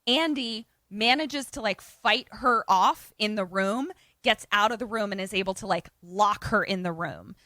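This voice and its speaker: Podcast co-host: woman, bright dry voice, lively plot recap with acted-out quotes. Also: mid-range voice, unhurried, hardly any pauses, no echo. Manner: animated storyteller, acts out quotes, swears casually. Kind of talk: casual chat retelling a film plot.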